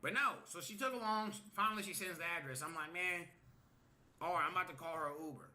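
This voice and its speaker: High bright man telling a story. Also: fast. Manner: tags lines with "okay?", swears, acts out quotes. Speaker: storyteller on a livestream. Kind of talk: casual storytelling.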